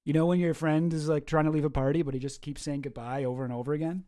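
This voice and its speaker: A man's voice: a little high, steady tone, fast talker, dark tone, no echo. Chatty man reacting casually, dry sound. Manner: chatty, self-deprecating, laughs often. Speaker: streamer host. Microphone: close microphone.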